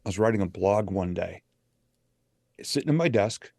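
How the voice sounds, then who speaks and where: A man's voice: lowish voice, animated, moderate pace, creaky, dark tone, no echo, clean studio sound. A middle-aged man, a motivational speaker, telling a candid personal story as an interview guest.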